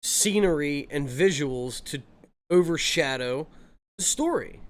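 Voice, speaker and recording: A man with a fairly high voice chats on a podcast in a laid-back, casual way. He jokes and swears easily. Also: animated, slow. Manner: laid-back, profane, joking. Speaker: podcast co-host. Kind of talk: casual chat.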